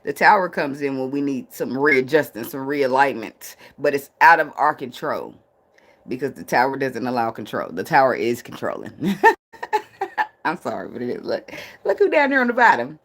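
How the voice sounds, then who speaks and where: A woman's voice: rumbling low, expressive, moderate pace. A woman giving a casual tarot reading, blunt and profane, laughing often and drifting into tangents. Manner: rambling, talks herself into tangents. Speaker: tarot reader.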